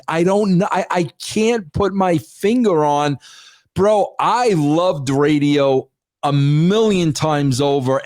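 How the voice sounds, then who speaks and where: Slow, emphatic man saying "bro" often. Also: a little high, no echo. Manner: emphatic, says "bro" constantly. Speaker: interview guest. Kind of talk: casual interview talk.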